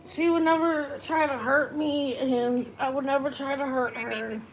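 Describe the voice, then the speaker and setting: Woman on a livestream, high voice, slow and rambly, just thinking out loud. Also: steady tone, gravelly, heavy background noise. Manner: rambling, loose, thinking aloud. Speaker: livestreamer and mother. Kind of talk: casual live-stream chat.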